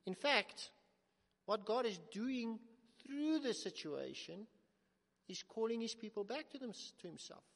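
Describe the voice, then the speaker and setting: A man preaching a sermon in earnest tones, swelling to emphatic calls and sinking to soft, slow words. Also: high voice, lively intonation, creaky. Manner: earnest, rising to emphatic then dropping to soft, slow quotes. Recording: long hall reverb.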